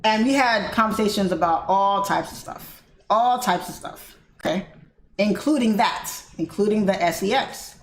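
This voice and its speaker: An American woman hosting a livestream, casually telling a story to her viewers in an animated way, laughing often and calling them guys. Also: mid-range voice, moderate pace. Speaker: livestream host. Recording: echoey room with faint noise.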